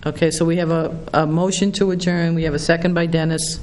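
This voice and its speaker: A man runs a town board meeting in a somewhat high voice, pausing and restarting often. The recording carries a faint layer of background noise. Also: flat delivery. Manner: hesitant, many fillers and restarts. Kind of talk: meeting discussion.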